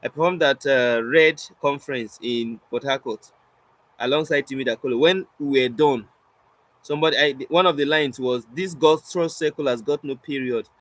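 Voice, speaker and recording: A man's voice: medium pitch, normal speed, fairly bright tone, dry recording, poor audio. A young Nigerian man, a spoken word poet, teaching in a casual storytelling way, acting out both sides of his anecdotes and slipping into pidgin.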